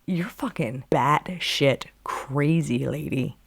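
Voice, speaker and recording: A woman voicing a dismissive male climbing partner who mocks her and calls her crazy in a low, drawling tone. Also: slow pace, slightly rough, heavily acted. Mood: scornful.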